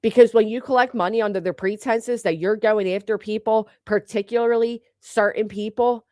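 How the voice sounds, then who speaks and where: An indignant woman rants straight into a close mic, her voice sitting a little high and bone-dry with no room sound. She is sarcastic and profane and keeps firing off pointed rhetorical questions. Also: steady tone, moderate pace, a little mellow, dry recording. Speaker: online commentator. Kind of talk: heated ranting commentary.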